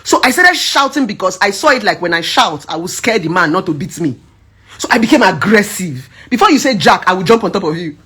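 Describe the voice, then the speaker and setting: A woman's voice: medium pitch, breathy edge. A woman talking to her followers about her past relationships in a casual, emphatic personal testimony. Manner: animated, emphatic, switches between shouting and soft quoted voices. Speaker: social media advice speaker.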